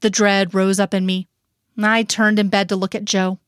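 A woman's voice: medium pitch, level tone, normal speed, smooth, no echo. Woman reading fiction aloud, dry sound. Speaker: reader. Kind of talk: first-person fiction reading.

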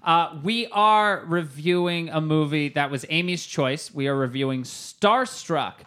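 A man's voice: a little high, unhurried, bright, forceful tone, clean tone. Joking male podcast co-host. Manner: joking, rambling storyteller. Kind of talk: casual comedic podcast chat.

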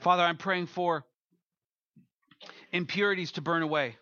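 A man's voice: sits high, fairly even intonation, moderate pace, bright, forceful tone, no echo, highs cut off. A man as pastor, preaching a sermon and leading a closing prayer, earnest and building to emphatic peaks.

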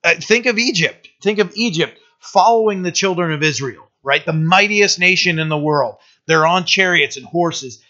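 Bright-voiced man preaching a sermon. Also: a little high, moderate pace, few pauses, dull audio. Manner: conversational preaching with restarts and rising emphasis.

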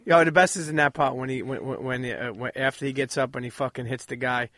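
A man's voice: medium pitch, steady tone, fast talker, fairly bright tone, no echo, clean studio sound. A man hosting a casual podcast interview, brash and joking, with plenty of swearing. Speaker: podcast host.

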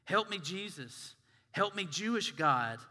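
A preacher puts on a frantic, comic racecar driver, yelling bright and drawn-out pleas for help. The voice echoes off a long church reverb. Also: male voice, high voice, lively intonation, exaggerated voice. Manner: frantic, pleading.

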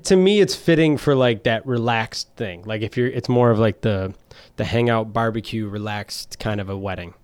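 A man's voice: fairly low pitch, normal speed, hardly any pauses, clear, resonant tone, no echo. A man co-hosting a casual podcast chat, talking in a rambling way with lots of fillers. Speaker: podcast co-host.

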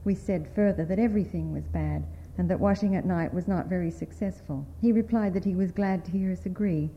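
A woman writer from the United States, reading a story aloud at a panel in a measured, expressive way. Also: on the low side, highs cut off, slight background noise.

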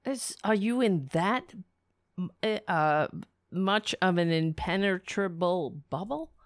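A woman's voice: lowish voice, slow pace, no room sound, studio quality. A woman giving solo commentary, indignant and incredulous, firing rhetorical questions and letting her voice jump up when outraged. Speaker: political commentator.

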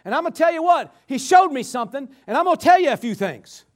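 A man's voice: very high voice, sing-song, fast talker, pitched above the performer's own voice. A man preaching, voicing a bold young man who is fed up and scolds his elders. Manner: emphatic, scolding.

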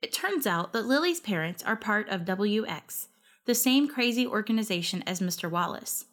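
A woman's voice: medium pitch, expressive, moderate pace, fairly bright tone. Wry woman narrating a story. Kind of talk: first-person story narration.

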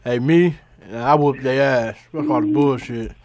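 A man in casual chat speaking bluntly and sternly in a low-key way. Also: measured pace, darkish tone.

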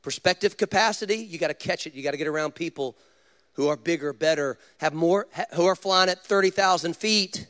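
A man, a pastor, preaching a sermon with animated storytelling and direct questions to the congregation. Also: fairly high pitch.

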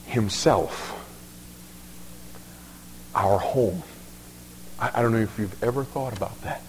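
A man's voice: medium pitch, darkish tone, slight background noise. A male pastor preaching a sermon in a folksy, emphatic way, often repeating words as he restarts. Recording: long reverb of a large hall.

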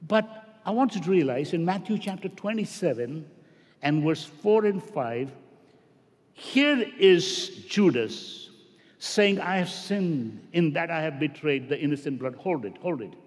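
Pastor, man, high-ish voice, preaching with fervent rises and soft drops, long hall reverb. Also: lively intonation, measured pace. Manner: impassioned, swings from loud emphasis to hushed tones. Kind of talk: sermon.

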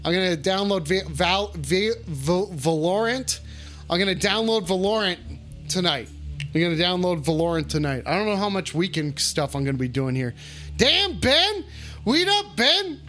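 A man hosting a call-in livestream, swearing a lot and shouting the same catchphrase over and over. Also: sits high, a little fast, soft background music. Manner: rowdy, swearing, repeats his shouted catchphrase. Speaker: call-in stream host. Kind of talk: profane casual livestream banter.

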